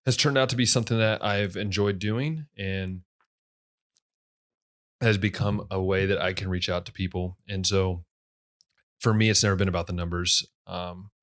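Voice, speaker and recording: A young man with a low radio voice hosts his own podcast, talking in a loose, casual ramble. He speaks in a very deep register, full of fillers and restarts. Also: fairly even intonation, moderate pace, fairly bright tone. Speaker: podcast host. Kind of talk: casual solo podcast talk.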